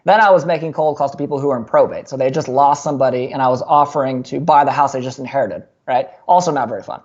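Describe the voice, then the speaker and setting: A young man in his twenties, a podcast guest, telling a long personal story in a casual, animated way with many fillers and restarts. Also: medium pitch, fast, highs cut off.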